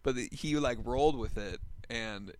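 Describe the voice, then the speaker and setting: A man's voice: medium pitch, moderate pace, a little mellow, slight background noise. A young man casually telling a story, full of "like" and "you know" and swearing. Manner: rambling, swears a lot, fillers like "like" and "you know".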